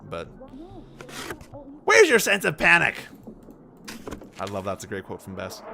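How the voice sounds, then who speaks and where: A man livestreams a detective game, chatting casually, laughing often and playfully quoting lines from the series in silly voices. His voice is deep with vocal fry, and there's a little hiss or hum.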